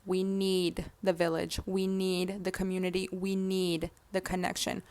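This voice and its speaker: A woman's voice: fairly low pitch, flat delivery, measured pace, few pauses, a little mellow. A young adult woman in a casual, reflective vlog monologue, earnest and emphatic, who swears freely and becomes tearful. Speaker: vlogger.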